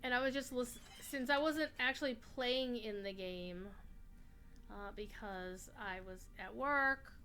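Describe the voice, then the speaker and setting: A woman livestreaming a game, chatting in a rambling way with sudden excited outbursts. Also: a little high, measured pace, faint music behind. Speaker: livestreaming gamer. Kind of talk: casual chat while playing a game.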